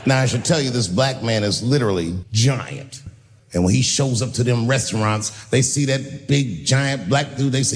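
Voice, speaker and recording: A man performing a stand-up comedy set, telling stories with shouted bits and acted voices. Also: medium pitch, normal speed, big-room sound. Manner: animated storytelling, voices and shouts.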